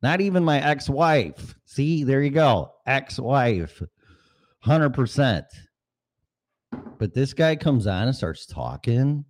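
With a medium-pitched, darkish voice, a middle-aged man talks slowly but with lively intonation as he hosts his podcast. The casual monologue turns into a profane, rambling rant, recorded in his apartment on a studio mic with headphones.

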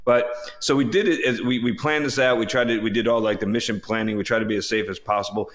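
A man with a fairly low voice talks in a relaxed, measured way, pausing often with fillers as he tells a story. The tone is casual and conversational.

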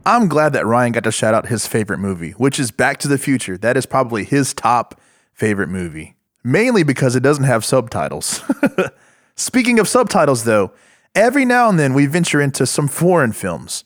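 An American man co-hosting a podcast, delivering jokes in a deadpan, drawn-out way. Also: medium pitch, no echo, clean studio sound. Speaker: podcast co-host. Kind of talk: casual chat.

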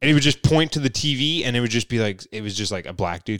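A man's voice: medium pitch, expressive, fast, a bit bright, no room sound, clean studio sound. A young man co-hosting a casual podcast, rambling and swearing, acting out the people in his stories. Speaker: podcast co-host. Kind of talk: casual chat.

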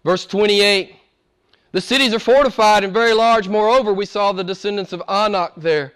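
In a sermon, a male pastor swings between loud declarations and hushed near-whispers, repeating phrases to drive points home. His voice is high-pitched, his pace moderate, and the tone clean.

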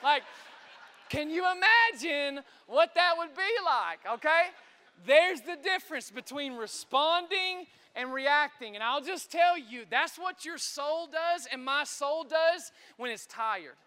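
A male pastor preaching an energetic sermon, stammering and repeating words and often asking "right?" to the congregation. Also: extremely high pitch, takes it slowly. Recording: echoey large hall.

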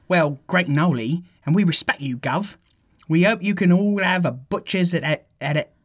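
A man putting on a cheeky Cockney bloke. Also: high-pitched. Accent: Cockney put-on. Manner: chummy, slangy, suppressing laughter. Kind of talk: comic dramatic reading.

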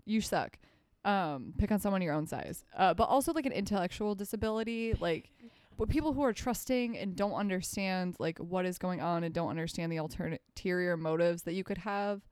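A young woman with a lowish voice co-hosts a casual podcast, talking bluntly with plenty of swearing and filler "like"s. Her delivery jumps into animated bursts. The recording is dry and close. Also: fairly quick, clear, resonant tone, dry recording. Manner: blunt, profane and animated, lots of "like". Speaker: podcast co-host. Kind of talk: casual chat.

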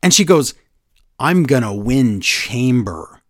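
With a medium-pitched voice and slow delivery, this man co-hosts a laid-back podcast about wrestling, animatedly performing quotes with voice changes. The recording is clean studio sound without any room echo.

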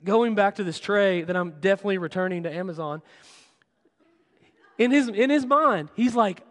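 A man's voice: sits high, moderate pace, long pauses, fairly bright tone. A man in his thirties preaching a sermon, telling a family story in a conversational, self-deprecating way. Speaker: pastor. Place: church sanctuary. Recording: long church hall reverb.

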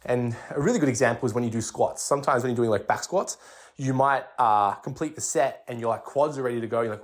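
Young man, podcast host, casual and chatty, mid-pitched, restarts often. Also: fast. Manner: chatty, with many restarts and "like" fillers. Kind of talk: casual fitness explainer.

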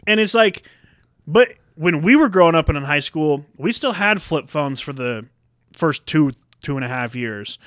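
A young man co-hosting a podcast, telling stories in a profane, animated ranting style. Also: fairly high pitch, normal speed, no echo, studio quality. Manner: profane, animated storytelling with acted-out quotes. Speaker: podcast co-host. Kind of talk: casual ranting chat.

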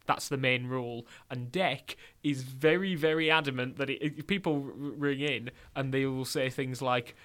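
Young northern english guy on the radio, bright tense voice, chatty, keeps restarting. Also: mid-range voice, normal speed, hardly any pauses. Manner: chatty, restarts a lot, excitable. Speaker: radio host. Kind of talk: casual radio chat.

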